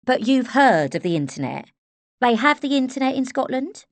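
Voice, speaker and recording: Brassy, teasing woman nurse with an Estuary accent, read by a woman narrator; loud and sassy in a storybook. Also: high voice, sing-song, normal speed, no room sound, pitched above the performer's own voice. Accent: Estuary English.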